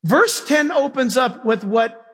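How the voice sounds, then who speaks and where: A man preaching a sermon as pastor, animated and folksy, acting out scenes for the congregation. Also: very high-pitched, slow, slightly rough. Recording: hall reverb.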